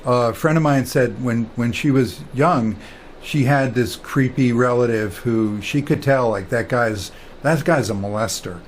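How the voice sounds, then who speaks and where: A man's voice: mid-range voice, measured pace, slight background noise. A man giving a casual spiritual talk, rambling with many fillers and restarts as he tells stories. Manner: storytelling, quoting others in quiet voices. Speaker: spiritual teacher.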